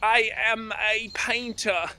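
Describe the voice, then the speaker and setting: A man playing an earnest, halting male painter who is auditioning in a comedy sketch. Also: high-pitched, steady tone, pushed and bright, exaggerated voice.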